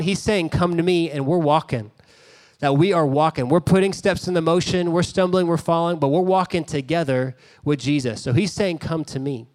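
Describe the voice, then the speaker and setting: A pastor gives his sermon in a relaxed, conversational manner, pausing for small asides while telling a story. His man's voice sits somewhat high.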